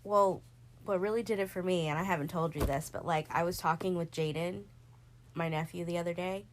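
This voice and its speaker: A woman in her twenties on a podcast, talking in a casual, emotional way, tearful and laughing through it, her voice jumping high when she quotes herself. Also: fairly even intonation, moderate pace, slight background noise. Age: 20s. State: crying at times. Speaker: podcast co-host. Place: bedroom, on a bed.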